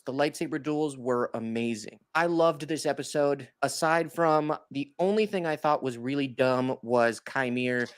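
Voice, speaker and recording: A man gives a casual video review in an upbeat, gushing way. His voice sits at a medium pitch, and the sound is dry. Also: a little slow, hardly any pauses, clean tone, no room sound.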